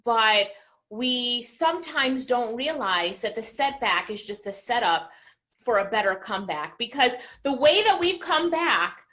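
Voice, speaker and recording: A middle-aged woman business coach giving an energetic motivational talk to an online audience, often asking listeners questions. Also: a little high, a little slow.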